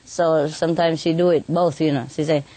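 Woman, lowish voice, chatty storyteller, laughs a lot, casual interview. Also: steady tone, fairly quick, warm tone, no echo. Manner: chatty, laughs often, many "you know" tags. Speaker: bird keeper telling stories.

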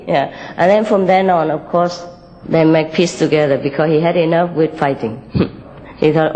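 A woman telling a moral fable and giving a spiritual talk, gently and with frequent small laughs, in loosely built English. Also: low-pitched, normal speed, big-room sound, a little hiss or hum, low-quality recording. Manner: gentle, laughs often, unpolished English grammar.

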